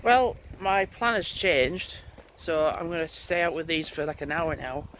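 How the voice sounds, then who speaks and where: A man's voice: fairly high pitch, animated, a little slow, fairly bright tone, slight background noise. A man chatting casually in a rambling way as he walks his dogs outdoors for his vlog. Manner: rambling, chatty, thinking aloud. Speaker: vlogger. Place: outdoors on a country road, walking dogs.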